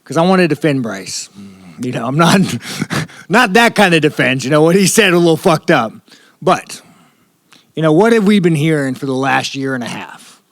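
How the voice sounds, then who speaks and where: A man's voice: a little high, very animated, moderate pace, a bit bright, dry recording, clean studio sound. A man from the United States, a professional fighter at a press scrum, talking in a blunt, rambling, profane way. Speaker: professional fighter at media day.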